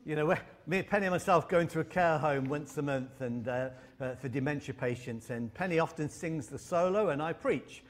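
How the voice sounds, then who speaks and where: A man's voice: fairly high pitch, moderate pace, few pauses. A male preacher delivering a sermon, mixing humorous stories with emphatic repeated phrases. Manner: storytelling with humor and emphatic repetition.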